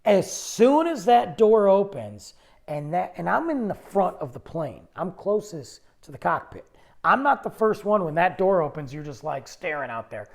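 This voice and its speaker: A man hosting a podcast, telling a personal story in a rambling, animated way, often cutting himself off mid-sentence. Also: sits high, normal speed, creaky. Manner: rambling, animated, self-interrupting. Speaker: podcast host. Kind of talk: casual storytelling monologue.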